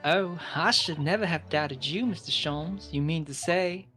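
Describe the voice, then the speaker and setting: A man's voice: a little high, a little slow, bright, forceful tone, faint music behind. A man reading game lines aloud as an eccentric, pompous male Victorian detective with a grand, theatrical delivery.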